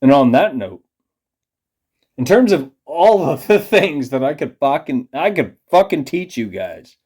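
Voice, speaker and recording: A man's voice: fairly high pitch, sing-song, measured pace, darkish tone, slightly rough. A man ranting in a rambling, profane, conspiratorial monologue to camera, a little tipsy from beer. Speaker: vlogger.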